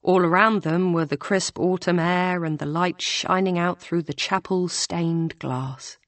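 A woman reading a novel aloud in an even, measured storytelling manner. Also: lowish voice, no room sound. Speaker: audiobook narrator. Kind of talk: scripted narration.

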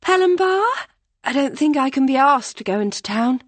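A woman's voice: high voice, animated, normal speed, no room sound, voice pushed up. A woman voicing a languid, teasing young female student.

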